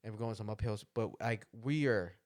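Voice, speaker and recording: A young man telling a funny story on a casual podcast, laughing often and acting out what people said. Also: fairly quick. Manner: animated, laughing, acts out quotes in higher voices. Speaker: podcast co-host.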